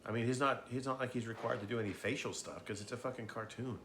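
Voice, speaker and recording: A man's voice: mid-range voice, fast, a bit bright, slight background noise. Tipsy man rambling with lots of swearing. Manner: meandering, profane, frequent fillers and restarts. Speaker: host. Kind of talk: casual rambling monologue.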